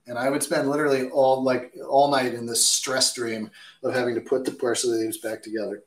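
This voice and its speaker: A man's voice: medium pitch, flat delivery, fairly quick. A man who works as a chef, answering viewer questions with chatty, emphatic cooking advice in a kitchen. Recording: echoey room.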